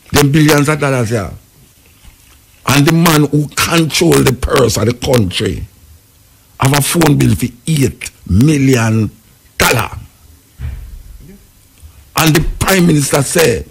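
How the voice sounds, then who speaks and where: A man's voice: medium pitch, expressive, measured pace, gravelly, long pauses, slightly rough. A man with a Jamaican accent hosting a radio talk show, talking in patois and arguing his point. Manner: Jamaican patois, speculative, argumentative.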